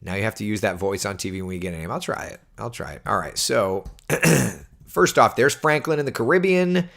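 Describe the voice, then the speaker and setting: A TV meteorologist chats casually on a livestream, answering viewer questions and reading their comments aloud in a chatty, animated way. His voice is on the low side, a little fast, with vocal fry.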